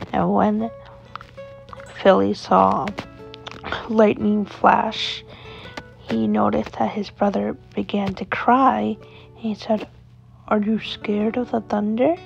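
Woman storyteller, slow and gravelly, fairly high; dull lo-fi recording with faint music. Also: steady tone. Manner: slow unhurried telling. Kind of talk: bedtime story narration.

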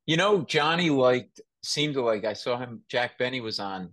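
A man hosting a podcast, telling lively stories in casual chat, laughing often and mimicking voices. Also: medium pitch, normal speed, dry recording. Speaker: podcast host.

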